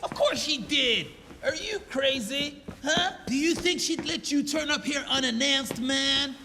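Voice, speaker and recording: An actor playing a boisterous, friendly male comedy star who talks loud and effusive. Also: very high-pitched, unhurried, creaky, slight background noise, full character voice.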